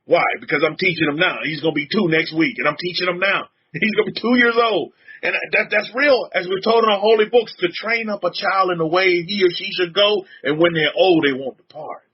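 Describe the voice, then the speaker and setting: A rabbi giving a loose, conversational sermon, talking to his congregation in a voice pitched high for a man with a husky edge. He circles back and repeats himself and chuckles often. The recording sounds dull and lo-fi. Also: brisk. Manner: chatty and repetitive, often chuckling, addresses the congregation directly. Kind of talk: informal sermon.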